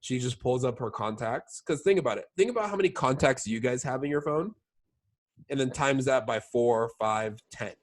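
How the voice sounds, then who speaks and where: Animated and at a normal speed, this young man's medium-pitched voice carries a relaxed sales-team training talk. He leans heavily on filler words such as "like" and repeatedly asks "all right?" to check in.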